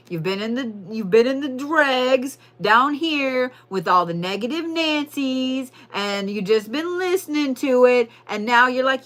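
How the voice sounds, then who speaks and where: A bold, swearing woman with a drawl, hosting a live tarot reading. Her voice is bright and edgy, and her pitch swings widely as she repeats her points for effect. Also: animated, measured pace, hardly any pauses. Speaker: tarot and zodiac reader, livestream host. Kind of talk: live-stream tarot reading, casual and profane.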